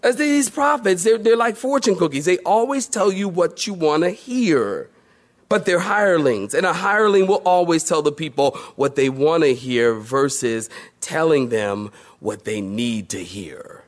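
A man's voice: a little high, expressive, normal speed. A man preaching through a Bible passage in a conversational way, with playful asides. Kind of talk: expository Bible teaching.

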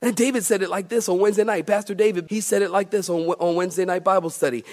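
A man with a high, light voice preaches a sermon. He drops into hushed, confiding asides, then climbs back up into loud, emphatic calls, and keeps turning to the congregation for an answer. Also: fairly even intonation, fast. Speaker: pastor.

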